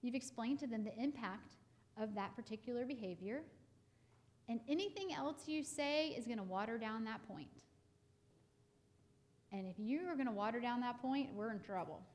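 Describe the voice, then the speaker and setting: A woman's voice: on the high side, lively intonation, moderate pace, a little mellow. A woman, counseling parents in a casual live talk, chatty with many fillers and restarts. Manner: acts out parents and kids in quoted lines.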